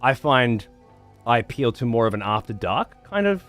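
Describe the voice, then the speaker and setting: A man's voice: medium pitch, sing-song, normal speed, a bit bright, soft background music. A man livestreaming, chatting to viewers in a rambling, profane way and repeating words as he thinks. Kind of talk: casual chat to stream viewers.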